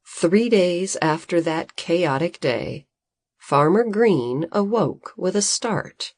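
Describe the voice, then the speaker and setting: A woman reading a storybook aloud, her fairly low voice rising and falling expressively. She takes her time over each phrase, recorded close and dry. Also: no room sound. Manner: expressive, unhurried. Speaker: narrator.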